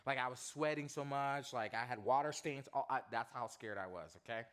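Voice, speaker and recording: Animated, comic man preaching to students. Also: mid-range voice, fairly quick, clear, resonant tone. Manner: animated, comic, quizzes the audience. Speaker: youth pastor. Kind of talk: storytelling sermon to students.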